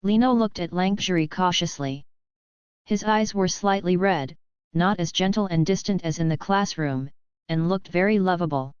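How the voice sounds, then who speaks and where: A woman narrating a novel in an even, steady storytelling manner. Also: lowish voice, normal speed, clear, resonant tone, no echo. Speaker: audiobook narrator. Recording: dull lo-fi, dry.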